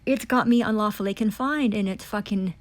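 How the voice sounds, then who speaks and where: A woman's voice: medium pitch, a little fast, dry recording. Furious, profane woman ranting. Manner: repeats and restarts phrases under strain. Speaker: self-described foreign diplomat giving testimony. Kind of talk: angry monologue testimony.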